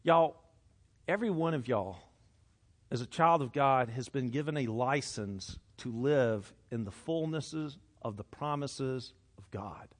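A middle-aged man preaching a sermon, swinging from hushed, intimate passages to loud, animated outbursts. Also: mid-range voice, a little slow. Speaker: pastor.

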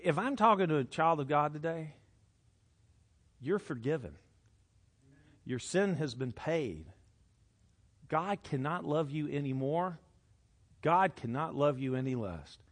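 Animated middle-aged male preacher. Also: on the high side, measured pace, pauses often. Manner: animated, swinging from hushed to loud. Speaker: pastor. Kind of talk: sermon.

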